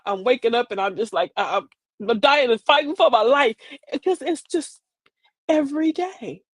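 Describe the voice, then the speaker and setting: Lively, animated woman in her forties. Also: fairly high pitch, dry recording, studio quality. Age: 40s. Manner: animated, talks to viewers, acts out quoted voices. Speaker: livestream host. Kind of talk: casual livestream monologue.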